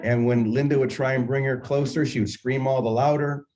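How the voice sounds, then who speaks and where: An older man hosting a morning spiritual session, musing unhurriedly and telling a personal story with gentle humor. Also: mid-range voice, fairly even intonation, a little fast, rough recording. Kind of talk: reflective spiritual talk with storytelling.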